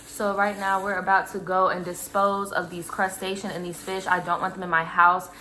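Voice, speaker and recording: A woman vlogging casually at home to her viewers, talking in an animated way full of dramatic exclamations. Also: on the low side, normal speed. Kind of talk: casual vlog talk to viewers. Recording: echoey room with loud background noise.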